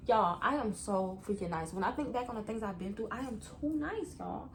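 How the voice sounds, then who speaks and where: A young woman vlogger telling a story to her viewers in a chatty, animated way. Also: medium pitch, normal speed, background noise. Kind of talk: story time vlog.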